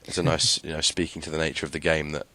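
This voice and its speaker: A man's voice: rumbling low, flat delivery, quick pace, sharp tone. A man co-hosting a podcast, talking in an easygoing, hesitant way with many fillers. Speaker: podcast co-host. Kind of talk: casual discussion.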